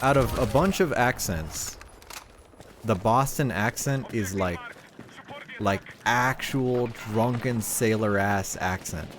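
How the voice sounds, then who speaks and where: A man's voice: fairly low pitch, background noise. A man streaming a shooter game, rambling in casual chat, swearing freely, with a neutral accent. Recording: loud gunfire from the game behind voice.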